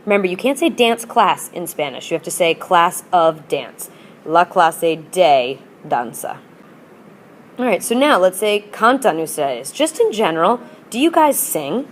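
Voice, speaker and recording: A woman's voice: fairly low pitch, very animated, a little slow, slight background noise. A woman teaching a language class, drilling with patient repetition and switching between English and Spanish. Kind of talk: classroom lesson.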